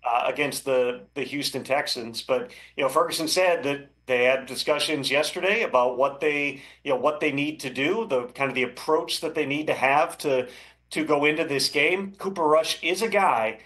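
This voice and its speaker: A man working as a football insider, giving measured, thoughtful analysis as an interview guest, with frequent fillers. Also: on the high side, a bit bright. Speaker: NFL insider.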